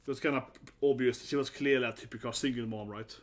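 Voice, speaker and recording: A man's voice: mid-range voice, fairly even intonation, fast talker. A man giving live reaction commentary, laughing often and exclaiming, tagging his lines with "right?" and "man". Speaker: reaction video host.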